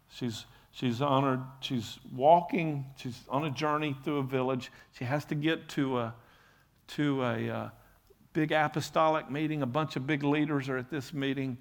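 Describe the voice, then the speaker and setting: Chatty male pastor telling a story. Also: mid-range voice. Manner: conversational, rambling with many "you know"s and restarts. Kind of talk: sermon storytelling.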